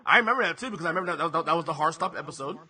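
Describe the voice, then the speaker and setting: A man's voice: a little high, expressive, very fast, crowd noise. A man in his thirties hosting a podcast in casual chat, often stammering and repeating words and laughing easily. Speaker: podcast host.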